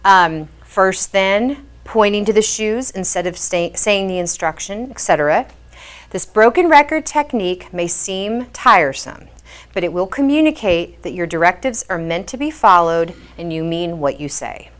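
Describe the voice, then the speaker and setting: A woman's voice: medium pitch, expressive, moderate pace. Patient woman explaining child behavior. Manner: patient, explanatory, frequent "um" fillers. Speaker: behavior specialist. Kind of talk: instructional talk for parents.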